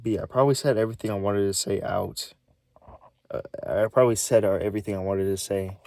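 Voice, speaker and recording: A nervous man rambles into the camera in a lowish voice, stammering and restarting his words. His pitch swings up and down as he talks, and now and then he drops into a hushed whisper. It is a shaky, casual vlog delivery. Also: steady tone, fast talker, creaky, slight background noise. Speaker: vlogger.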